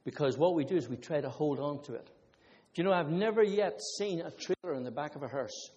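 A man's voice: on the high side, lively intonation, brisk, darkish tone, muffled recording. A man preaching a conversational sermon, mixing scripture with personal testimonies and asides to the congregation. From Ireland. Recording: long hall reverb.

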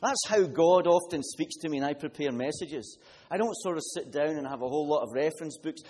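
Brief: male preacher, higher pitch, earnest and emphatic sermon. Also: a little fast, a little mellow, slightly rough. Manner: earnest, builds up with rising emphasis.

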